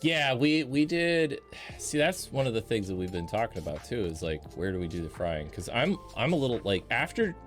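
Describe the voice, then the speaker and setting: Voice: medium pitch, a little fast, soft background music. A co-host chatting casually on a stream, hesitant and restarting often. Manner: hesitant, restarts a lot, animated. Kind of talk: casual chat.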